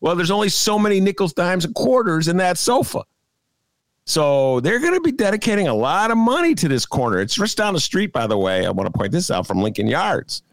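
A man's voice: high-pitched, big pitch swings, fairly quick, no room sound. A middle-aged man from Chicago hosting a talk show, delivering a casual, sarcastic opinion monologue with folksy asides to his listeners. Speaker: radio show host.

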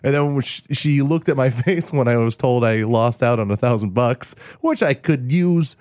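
A man's voice: medium pitch, moderate pace, a little mellow, no echo. Rambling man telling stories on a dry studio mic. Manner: rambling storyteller who slips into impressions. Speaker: podcast co-host. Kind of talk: casual comedic podcast banter. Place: radio station studio.

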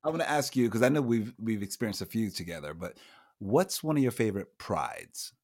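A man hosting a podcast in a playful, animated casual chat, often restarting his sentences. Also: on the low side, a little fast. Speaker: podcast host.

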